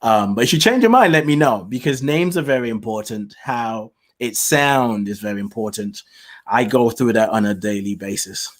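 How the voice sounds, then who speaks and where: Male host, mixed British/Nigerian/Southern US accent, animated casual monologue with frequent laughs. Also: moderate pace. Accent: mix of British, Nigerian and Southern US. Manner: animated, chatty, laughs often, big pitch swings. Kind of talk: casual live-show monologue.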